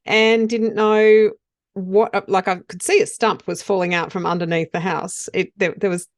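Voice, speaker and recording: A woman's voice: medium pitch, little pitch movement, moderate pace, no room sound, studio quality. A middle-aged woman co-hosting a casual podcast, candid about her own mistakes. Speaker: podcast co-host.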